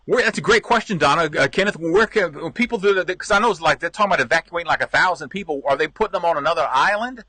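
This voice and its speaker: A man's voice: on the high side, fast, few pauses, bright, forceful tone, dry recording. A man hosting a casual live stream, chatting with viewers and answering their comments, laughing often and repeating himself. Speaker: host reading viewer comments.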